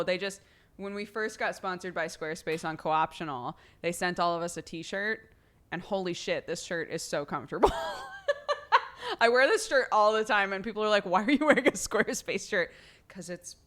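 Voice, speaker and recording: A woman's voice: fairly low pitch, lively intonation, normal speed, a bit bright. A woman streamer chatting casually with her viewers, laughing often and thanking subscribers by name.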